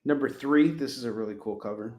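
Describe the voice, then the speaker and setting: A man hosting a casual live shopping stream, pitching comic books with rambling jokes and laughing at himself. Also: quick pace, dark tone, roomy sound. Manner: jokey, rambling, laughs at his own jokes.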